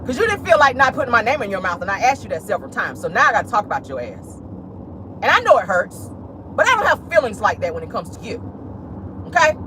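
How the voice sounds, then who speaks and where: Woman host doing petty, sassy commentary from her car, very animated voice, light outdoor hum. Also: on the high side, quick pace. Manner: sassy, petty, talks straight to viewers with lots of "honey" and "y'all". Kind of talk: casual commentary vlog from a car. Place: parked car.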